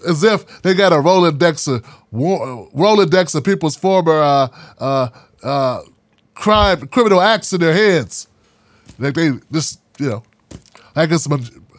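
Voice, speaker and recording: A man's voice: high voice, dry recording, studio quality. A man hosting a casual commentary monologue, talking in a sarcastic, mocking, slangy way. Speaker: political commentary host.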